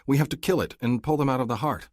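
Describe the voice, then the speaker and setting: A man's voice: medium pitch, quick pace, a little mellow, no room sound, pitched above the performer's own voice, lightly acted. A man voicing a wry human woman in an audiobook, dry and resigned.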